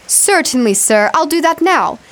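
A timid landlady: meek and deferential, high voice, old radio drama style. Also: animated, normal speed, fairly bright tone. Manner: meek and deferential, keeps saying sir. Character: timid, eager-to-please landlady. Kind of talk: 1940s radio acting.

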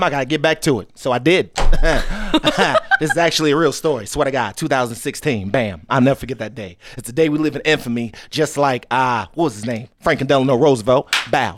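A man doing an impression of a boastful, swearing, fast-talking male comedian during a casual interview. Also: on the high side, fairly bright tone, slight background noise. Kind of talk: comic celebrity impression.

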